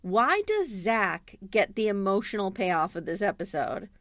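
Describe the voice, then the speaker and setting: A woman's voice: medium pitch, sing-song, a little slow, a bit bright. A woman co-hosting a podcast, chatting casually with wry, indignant asides. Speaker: podcast co-host. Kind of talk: casual chat recapping a TV episode.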